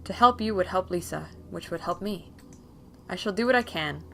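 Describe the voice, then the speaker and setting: A woman voicing an ancient, weary tree spirit in a video game, speaking slowly and solemnly. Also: lowish voice, creaky, a little hiss or hum. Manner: slow, hushed, solemn.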